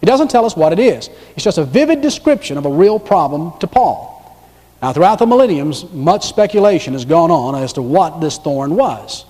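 A man preaching a sermon, swinging from loud, emphatic lines to hushed, drawn-out ones. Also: fairly high pitch, big pitch swings, in a large hall. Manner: dramatic swings between loud emphasis and hushed, slow delivery. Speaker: pastor.

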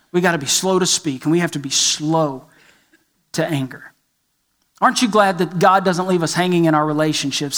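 A pastor delivers his sermon in a high voice. He tells stories with lively swings of emphasis, pushing some phrases up and letting others drop low. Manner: animated storytelling preacher, rising and falling emphasis.

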